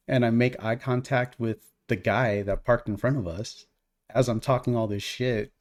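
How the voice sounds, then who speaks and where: A mid-range male voice at normal speed tells a profane, heated story, animated and conversational like a podcast co-host riffing with a friend. The tone stays casual yet worked up throughout.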